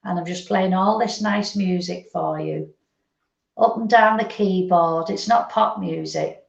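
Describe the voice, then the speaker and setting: Gentle woman medium, gravelly, echoey. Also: medium pitch, sing-song, a little slow. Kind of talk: psychic reading. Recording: lo-fi echoey stream audio.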